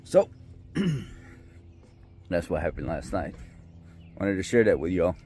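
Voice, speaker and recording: A man's voice: low voice, sing-song, slow, mellow, slight background noise. A middle-aged man, telling a personal story in a rambling, folksy, heartfelt way. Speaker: vlogger. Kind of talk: casual storytelling vlog. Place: outdoors by a river.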